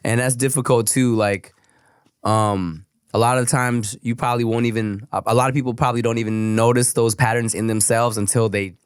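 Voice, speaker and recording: A relaxed man chatting as co-host of a podcast, loose and slangy, calling his friend bro and dude. His voice sits at an ordinary middle pitch. The sound is close and dry, with no room around it. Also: brisk, clear, resonant tone, no room sound. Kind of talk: casual podcast chat.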